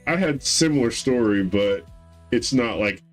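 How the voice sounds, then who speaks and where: A man's voice: mid-range voice, expressive, unhurried, faint music behind, poor audio. A man in his thirties telling a rambling story in casual podcast chat, acting out other people's voices and laughing often. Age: 30s. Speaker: podcast co-host.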